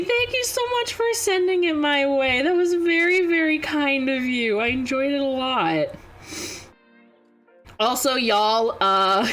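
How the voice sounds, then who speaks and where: High-pitched, giggly young woman streamer. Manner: giggly, rambling, animated storytelling. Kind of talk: casual chat.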